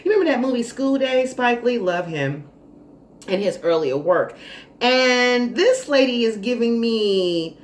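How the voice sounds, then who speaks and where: Animated, dramatic woman vlogger. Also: on the high side, unhurried. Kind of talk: casual storytelling monologue. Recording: roomy echo, faint noise.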